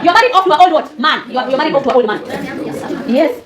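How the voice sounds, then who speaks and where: A woman's voice: high voice, very animated, fast talker, background noise. A woman teaching a classroom lesson, often quizzing students with fill-in questions and laughing. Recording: echoey classroom with student chatter.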